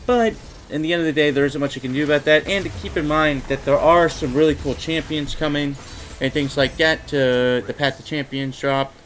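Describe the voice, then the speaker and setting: A man's voice: medium pitch, a bit bright, a little hiss or hum, low-quality recording. A young man giving casual, rambling commentary over his own card-game run, full of fillers and mild frustration. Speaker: gaming YouTuber.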